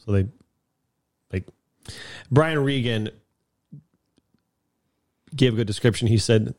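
A man's voice: mid-range voice, slow pace, long pauses, a little mellow, no echo. A man co-hosting a podcast in casual chat, telling stories and acting out quotes with laughter. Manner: storytelling, laughs often, acts out quotes. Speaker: podcast co-host.

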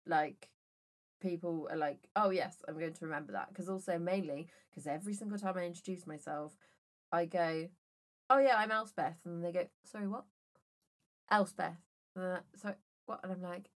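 A woman's voice: lowish voice, moderate pace. A woman co-hosting a casual podcast chat, telling jokey stories with plenty of swearing. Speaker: podcast co-host.

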